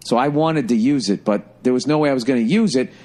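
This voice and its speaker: Like a stand-up comic on a podcast, a middle-aged man tells a funny story fast, casual, animated and profane, in a medium-pitched voice.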